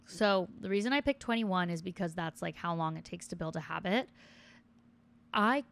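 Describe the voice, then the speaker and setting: Speaking at a normal speed in a fairly low, creaky, expressive voice, this young vlogger in her twenties reads out list items one by one. After each, she adds a casual comment, often poking fun at herself.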